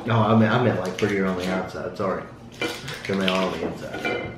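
A man's voice: low-pitched, steady tone, brisk, noisy background. A man joking and wisecracking during a casual chocolate tasting. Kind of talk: casual chat. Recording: echoey room, clattering dishes.

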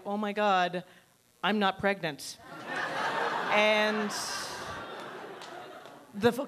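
A woman in her thirties doing a stand-up comedy routine in a club, telling dry, self-deprecating stories and jumping up in pitch for quoted people. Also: noisy background. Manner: quick animated voices for quoted people.

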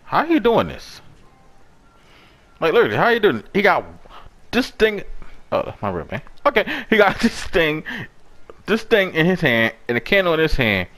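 Young male gamer, let's-play commentary, mid pitch, lively delivery, swears often. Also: normal speed, pauses often. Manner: profane, loud outbursts at the game. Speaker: gaming YouTuber.

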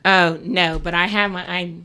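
A woman's voice: fairly low pitch, fairly even intonation, moderate pace, pushed and bright, clear, resonant tone. A woman guest on a comedy podcast in casual chat, blunt and teasing, giggling often.

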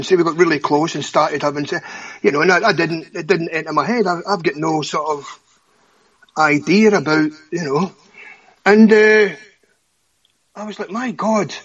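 A Scottish man in his fifties, a guest giving emotional personal testimony, halting and often repeating words. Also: fairly high pitch, a bit bright, breathy edge. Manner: halting, repeats words, stammers when upset. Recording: dull lo-fi audio.

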